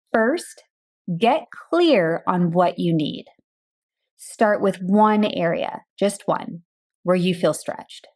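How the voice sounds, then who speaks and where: A woman hosting a coaching podcast, speaking in a calm, direct scripted monologue with rhetorical questions. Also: mid-range voice. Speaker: burnout and boundaries coach, podcast host.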